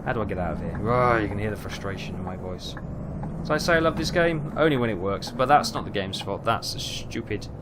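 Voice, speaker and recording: A man's voice: fairly low pitch, a little fast. A man hosting a casual let's-play of a trucking game, rambling along and breaking into exasperated outbursts. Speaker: gaming channel host. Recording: game engine noise underneath. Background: truck simulator engine and road sounds.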